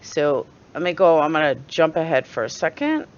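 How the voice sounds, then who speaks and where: A woman's voice: low-pitched, big pitch swings, normal speed, darkish tone, muffled recording. Blunt, swearing New York woman. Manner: blunt, sarcastic, swears freely. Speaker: channel host. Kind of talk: opinionated commentary.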